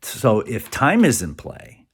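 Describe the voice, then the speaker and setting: Low husky guy rambling, voice jumps all over, slips into whispers. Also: takes it slowly. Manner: animated, acts out quoted voices, drops to whispers. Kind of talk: rambling spiritual monologue.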